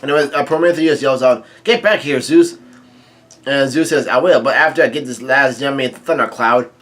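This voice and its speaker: A man casually reading a comic chapter aloud, quoting lines and adding his own quick asides. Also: mid-range voice, fairly even intonation, a bit bright. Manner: reads quoted lines aloud with brief reactions and asides, many fillers. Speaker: manga reading commentator.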